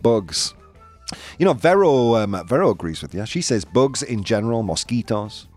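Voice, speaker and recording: A Yorkshire man hosting a live-stream quiz, his pitch leaping up and down as he jokes with the chat. He teases and laughs easily, and faint music plays behind him. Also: very animated, normal speed, darkish tone. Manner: playful, laughing, teasing the chat. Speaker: host.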